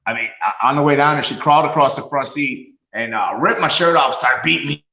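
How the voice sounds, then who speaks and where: A man's voice: mid-range voice, brisk. A middle-aged man in casual interview talk, telling stories with lots of laughter and acted-out quotes. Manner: animated storyteller, laughs often, acts out quotes. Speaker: guest, retired wrestler. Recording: roomy, dull lo-fi sound.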